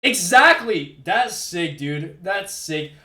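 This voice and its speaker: High-voiced Québécois French streamer. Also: male voice, slow pace. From Quebec. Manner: excitable, stammering, laughs often. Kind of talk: casual live-stream chat. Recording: echoey room with faint music.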